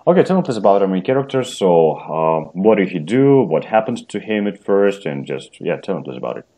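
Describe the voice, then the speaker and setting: During an online English lesson, a native Russian-speaking man reads a story aloud before posing questions. He talks a little fast, with a low, husky, dark-toned voice that is highly animated.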